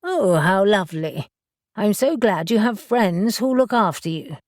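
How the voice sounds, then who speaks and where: A kind, fussing older secretary in her sixties from an audiobook, as a woman reads her. Her gentle lines sound close and dry. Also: medium pitch, lively intonation, unhurried, no room sound.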